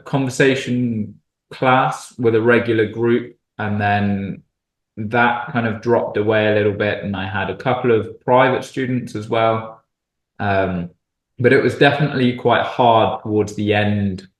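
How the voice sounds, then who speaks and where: Young man from Cornwall in an echoey room. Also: fairly low pitch. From Cornwall, England. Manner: easygoing and chatty, with friendly humor. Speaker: guest. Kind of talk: casual conversation.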